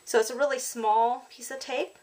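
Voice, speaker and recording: A woman's voice: on the high side, fairly even intonation, normal speed, darkish tone. A woman casually narrating a card-making tutorial at her craft table, chatty and apologetic, with plenty of ums.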